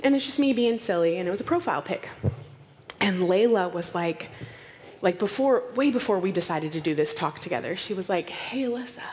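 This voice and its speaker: A woman from Oklahoma with an American accent gives a conference talk, telling stories in an animated way and acting out the people she quotes in playful voices. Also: lowish voice, brisk, a little hiss or hum. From Oklahoma, United States. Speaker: conference speaker. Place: conference hall. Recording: long hall reverb.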